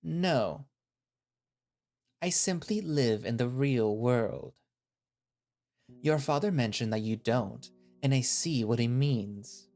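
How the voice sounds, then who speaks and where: A man playing a cold, scornful male settlement leader who speaks slowly and condescendingly, with cutting remarks. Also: mid-range voice, animated, a little mellow, faint music behind. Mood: contemptuous.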